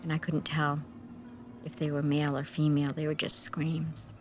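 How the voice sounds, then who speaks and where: An actress narrating as a shaken young woman recalling a night of killings, in a hushed, halting way. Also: low voice, monotone, a little hiss or hum, natural voice. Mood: haunted. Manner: halting, hushed, haunted recollection. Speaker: narrator recounting events as a former cult member. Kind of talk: dramatized documentary testimony.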